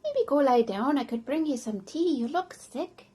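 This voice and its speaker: A woman voicing a worried, caring wife who speaks gently and softly. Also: sits high, animated, moderate pace, pitched above the performer's own voice. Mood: concerned.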